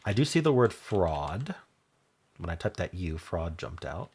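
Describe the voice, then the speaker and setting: A man with a deep, slightly husky voice hosts a word-puzzle video, reasoning aloud as he works through guesses. He spells out letter combinations and lets his sentences fade off softly, with keys clicking in the background. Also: very animated, unhurried. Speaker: Wordle video host. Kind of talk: thinking aloud while solving a word puzzle.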